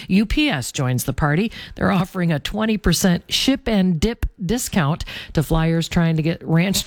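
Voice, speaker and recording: A woman's voice: on the low side, darkish tone, dry recording, studio quality. A woman anchoring a local radio newscast, reading lightly and with playful asides. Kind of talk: scripted news read with playful asides.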